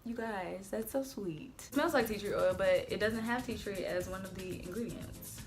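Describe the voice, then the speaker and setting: A woman vlogging at home as she unboxes hair products, chatty and gushing with excitement. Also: mid-range voice, normal speed. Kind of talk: casual unboxing vlog. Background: faint background music.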